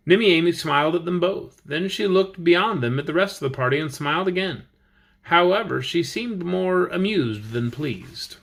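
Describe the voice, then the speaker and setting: A man reading a children's book aloud, with lively storybook narration. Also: a little high, normal speed, creaky. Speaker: audiobook reader.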